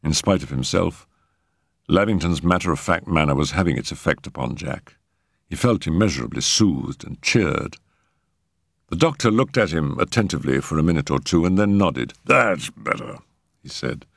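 A man narrating a story in a measured, expressive way. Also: extremely low pitch, gravelly, dry recording, clean studio sound. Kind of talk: scripted narration.

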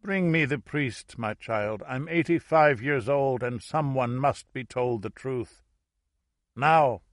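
A man reading aloud and voicing a sharp-tongued, dying 85-year-old Russian grandmother who speaks urgently. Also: medium pitch, takes it slowly, no room sound, studio quality, natural voice. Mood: commanding.

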